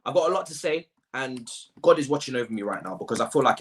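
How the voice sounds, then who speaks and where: Fast and animated, this man's mid-range, fairly bright voice comes through close to the mic with a little hiss or hum. Hosting a football fan channel, he rants exasperatedly to camera in a match review, repeating points to hammer them home and leaning on street slang.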